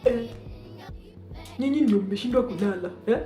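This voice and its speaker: A woman's voice: a little high, normal speed, mellow, natural voice. A woman voicing a stern older school matron who scolds in a heavy Luo accent. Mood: scolding. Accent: Luo-accented Swahili. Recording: echoey room with music behind.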